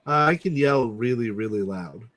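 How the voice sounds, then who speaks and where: A man's voice: mid-range voice, expressive, normal speed, a bit bright, no echo. A man playing a tabletop role-playing game, wry and confident. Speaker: player. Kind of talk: tabletop role-play chat.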